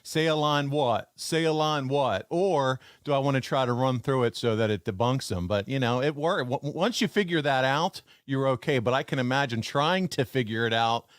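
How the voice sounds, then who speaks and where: A man's voice: medium pitch, lively intonation, a little fast, hardly any pauses, no room sound. A man hosting a podcast, asking questions in an enthusiastic, conversational way. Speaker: podcast host. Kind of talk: casual interview.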